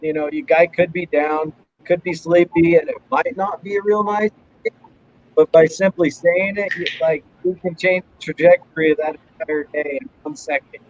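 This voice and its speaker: A man's voice: on the high side, steady tone, normal speed. A man hosting a podcast, casual and enthusiastic, calling his guest brother. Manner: enthusiastic, calls people brother. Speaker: podcast host. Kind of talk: casual chat. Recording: slightly dull sound with faint noise.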